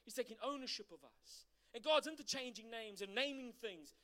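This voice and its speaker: A man's voice: very high voice, fairly quick. A middle-aged man preaching a sermon as pastor, asking the congregation questions. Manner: animated preaching with rhetorical questions.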